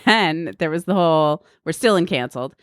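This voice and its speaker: A woman's voice: deep voice, expressive, normal speed, no room sound. A woman co-host reading out news items in a dry, matter-of-fact way.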